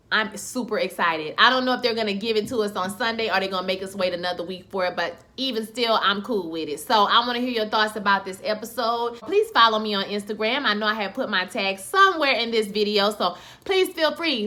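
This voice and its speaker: A woman giving a casual, animated episode recap, slangy and acting out scenes in quoted voices. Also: fairly high pitch. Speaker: TV show reviewer.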